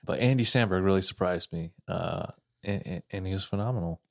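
A man co-hosts a podcast in relaxed, casual chat, hedging a bit as he starts his points and laughing often. His voice sits low, and the sound is dry and close, with no room around it. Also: brisk, gravelly, no echo. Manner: laid-back, hesitant, laughs often. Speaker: podcast co-host.

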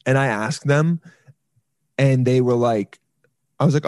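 A man's voice: mid-range voice, measured pace, darkish tone, no echo, clean studio sound. Joking guy on a call. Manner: rambling, joking, trails off and restarts. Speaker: podcast host. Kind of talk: casual chat over video call. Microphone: headphones on a video call.

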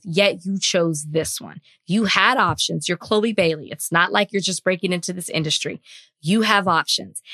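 A woman's voice: lowish voice, bright, forceful tone, dry recording. A woman co-hosting a podcast, talking in casual chat and laying out her view step by step. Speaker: podcast co-host.

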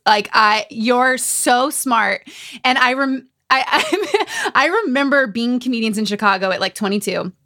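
A woman's voice: medium pitch, a bit bright. A woman in her thirties hosting a podcast in a chatty, bubbly way, rambling with lots of filler words. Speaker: podcast host.

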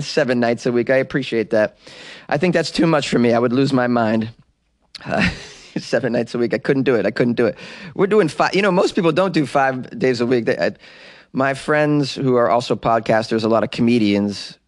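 A man's voice: medium pitch, no room sound, studio quality. A man, a comedian, hosting his podcast in a chatty, upbeat, rambling monologue.

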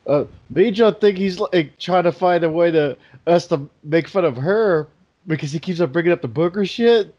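A man's voice: fairly high pitch, animated, normal speed, a little mellow. A man in a casual chat, teasing his friends and laughing often. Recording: muffled lo-fi audio.

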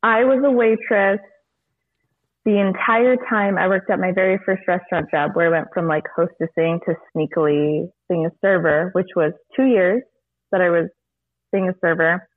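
A woman who works as a bartender, co-hosting in casual chat, telling animated stories, acting out quotes and swearing freely. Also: fairly low pitch, moderate pace, narrow, tinny audio. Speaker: bartender, podcast co-host.

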